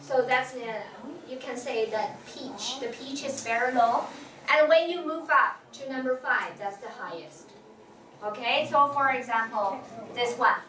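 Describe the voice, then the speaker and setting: High-voiced teacher in an echoey classroom. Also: female voice, measured pace, pushed and bright. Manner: patient, repeats tones for students, many fillers. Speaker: Chinese language teacher. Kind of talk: classroom lesson. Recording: echoey room from far off, faint noise.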